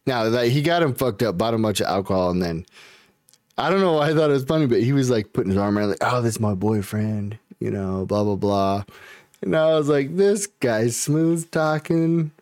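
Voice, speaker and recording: A man in casual podcast chat who rambles, swears freely and keeps breaking into laughter. His voice sits at an ordinary pitch, and the recording is dry and close. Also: lively intonation, quick pace, darkish tone, no echo. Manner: rambling, giggly, crude, swears a lot. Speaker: podcast co-host.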